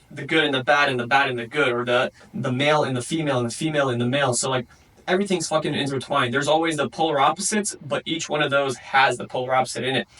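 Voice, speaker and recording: A man's voice: medium pitch, a bit bright, recorded from a distance, low-quality recording. A young man hosting a podcast and giving a blunt solo motivational talk, swearing constantly and calling the listener bro. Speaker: podcast host.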